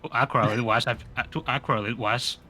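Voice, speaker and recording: A man's voice: mid-range voice, fairly even intonation, a little fast, bright, forceful tone, soft background music. A man playing a tabletop role-play game, stumbling over his words with many restarts. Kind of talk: in-character role-play chat.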